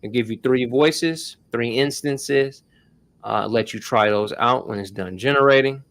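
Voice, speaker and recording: A man's voice: mid-range voice, unhurried, fairly bright tone, no echo. Man, tech stream host, casual, slangy, dry room. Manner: loose, slangy, addresses viewers as y'all. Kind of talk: casual tech tutorial livestream.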